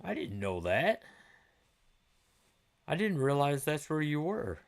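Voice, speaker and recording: A man's voice: a little high, big pitch swings, takes it slowly. A middle-aged man hosting a livestream, chatting loosely with viewers, swearing freely and laughing easily. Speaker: livestream host. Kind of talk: casual chat answering viewer comments.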